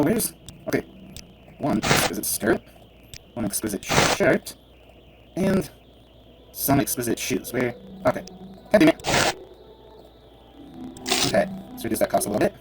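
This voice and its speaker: A man's voice: medium pitch, noisy background. A man giving casual gameplay commentary, muttering to himself and bursting into cursing rants. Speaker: gamer playing a role-playing game.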